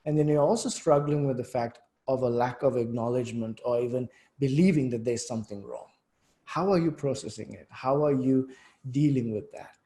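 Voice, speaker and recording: A man moderating a panel, asking measured, searching questions. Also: mid-range voice, mellow. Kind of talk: interview questions.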